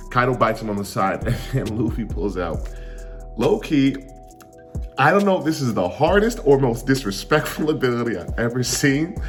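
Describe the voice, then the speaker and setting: A young man recapping a comic chapter in a casual, slangy, jokey way with frequent laughs. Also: medium pitch. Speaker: manga reviewer.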